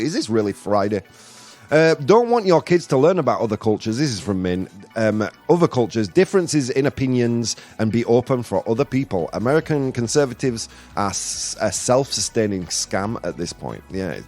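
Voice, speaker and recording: A man's voice: mid-range voice, darkish tone. A male show host giving live commentary on the news, exasperated and ranting, stopping to read viewer comments aloud.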